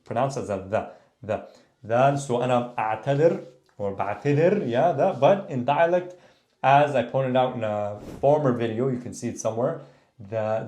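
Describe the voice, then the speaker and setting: A man teaches a casual language lesson at a mid-range pitch. He repeats example phrases and checks in with his viewers as he goes. His voice bounces around a noticeably echoey room. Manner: relaxed explaining, repeating phrases, frequent "okay?" and "tamam?". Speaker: Arabic teacher.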